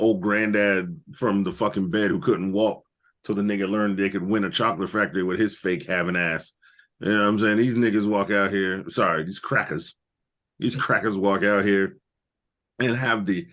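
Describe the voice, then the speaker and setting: A man co-hosting a wrestling podcast, ranting crudely and jokingly about the show. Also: on the low side. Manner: loud joking rants with crude slang. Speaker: podcast co-host. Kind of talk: profane comedic wrestling recap.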